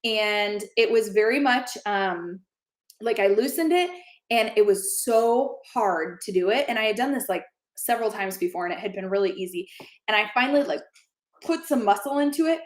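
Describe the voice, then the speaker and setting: A woman chatting casually and telling stories with plenty of life, slipping into quoted voices as she goes. Her voice sits at an ordinary pitch. The room around her is echoey. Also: normal speed. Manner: lively storyteller, acts out quoted lines. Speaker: co-host. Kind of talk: casual podcast chat.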